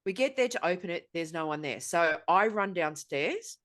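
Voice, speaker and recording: A woman's voice: lowish voice, animated, normal speed, fairly bright tone. Exasperated, sweary Australian woman. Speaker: podcast host. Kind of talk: casual chat, storytelling.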